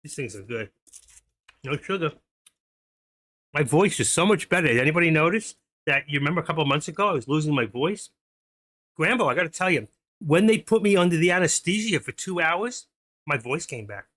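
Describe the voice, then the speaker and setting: Bright-voiced man hosting a trading stream. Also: fairly high pitch, expressive, fairly quick, pauses often. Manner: chatty, talks to chat viewers by name. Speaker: stock trading livestream host. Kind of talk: casual live-stream chat while trading.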